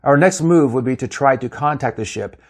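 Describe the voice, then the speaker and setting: Spock, a man reading as a calm logician. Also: medium pitch, normal speed, husky, natural voice. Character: calm logical male science officer, cautious.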